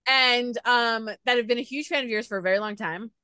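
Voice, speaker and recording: A woman's voice: a little high, a little fast, bright, forceful tone, clear, resonant tone, no echo. Gushing woman interviewer, dry sound. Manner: gushing, effusive fan. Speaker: interviewer, host. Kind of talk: casual interview chat.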